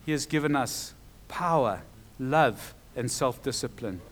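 A man preaching a sermon who grows loud and slow on quoted scripture and drops soft when explaining. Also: mid-range voice, expressive.

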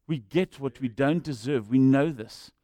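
A pastor preaching a sermon in an animated, rhetorical way, with humorous asides. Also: male voice, medium pitch, measured pace, no room sound.

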